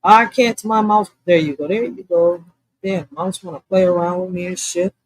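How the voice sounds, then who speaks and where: A woman hosting a casual livestream, talking bluntly with lots of swearing and reacting loudly, with laughs, to comments from her chat. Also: fairly low pitch, moderate pace, husky, no echo, poor audio. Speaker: livestream host.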